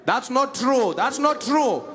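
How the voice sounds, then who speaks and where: A man's voice: extremely high pitch, lively intonation, takes it slowly, fairly bright tone, roomy sound, in a large hall, heavily acted. A man playing a friendly South African police sergeant who coaxes a suspect to come out. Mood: coaxing. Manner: friendly, coaxing, laughing. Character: calm joking male police negotiator, sergeant.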